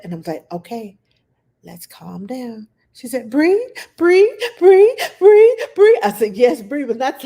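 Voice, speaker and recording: Woman nanny, mellow warm tone, earnest and repetitive in her advice. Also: medium pitch. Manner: earnest, repeats key points for emphasis. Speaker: nanny giving parenting advice. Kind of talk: casual advice talk to camera.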